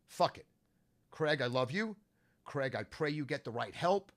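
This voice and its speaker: A middle-aged man hosting his own podcast, ranting crudely and profanely, swinging from low grumbling to shouting, his voice going hoarse. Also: lively intonation, measured pace. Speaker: sports handicapper and podcast host.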